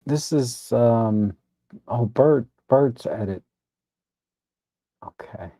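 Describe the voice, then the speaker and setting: Gravelly, relaxed livestream host. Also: male voice, mid-range voice, drawn-out words, dry recording, clean studio sound. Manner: relaxed, rambling, self-correcting with frequent restarts; tired, admits yawning. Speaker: photo editing livestream host. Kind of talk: casual live commentary.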